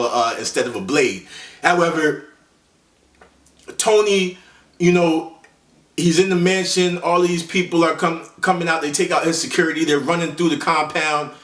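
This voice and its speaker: A man hosting a laid-back movie countdown. He rambles in street slang, full of fillers and self-corrections, at a slightly high pitch. He sits well back from the mic in a roomy, echoing space. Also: a bit bright. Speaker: host. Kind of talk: casual movie countdown commentary. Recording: echoey room, voice far from the mic.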